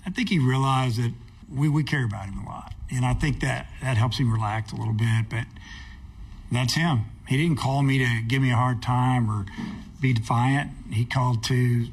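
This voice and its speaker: Baseball coach, man, husky tone, easygoing, rambling interview answers. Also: medium pitch, normal speed. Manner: folksy, rambling, many fillers and restarts. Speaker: college baseball head coach.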